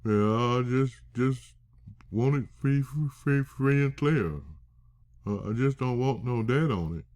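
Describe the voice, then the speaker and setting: A man's voice: mid-range voice, takes it slowly, darkish tone, close to an everyday voice. A man doing a stubborn, whiny skeptical client. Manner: whiny, repeating himself. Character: stubborn skeptical male client wanting no debt.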